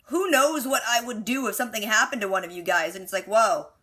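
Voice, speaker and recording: Bright-voiced chatty woman recapping TV. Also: on the high side, fairly quick. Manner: chatty, sarcastic asides; quotes characters with lots of "like". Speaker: TV reaction recapper. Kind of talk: casual episode recap.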